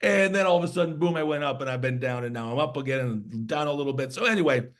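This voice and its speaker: A man's voice: mid-range voice, fast. Easygoing, self-mocking male podcast guest. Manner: easygoing, self-deprecating, joking. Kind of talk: casual chat.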